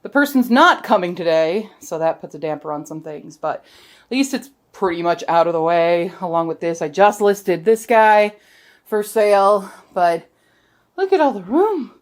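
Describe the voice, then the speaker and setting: A woman's voice: lowish voice, lively intonation, moderate pace. A woman chatting casually in a home vlog, playful and talking to her dog as she sets up her room. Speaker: vlogger. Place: at home, in a room being set up. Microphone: camera.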